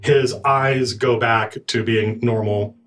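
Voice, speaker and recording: A man's voice: mid-range voice, fairly even intonation, slow pace, fairly bright tone, faint music behind. A man running a tabletop game as game master, describing scenes vividly and speaking for his characters.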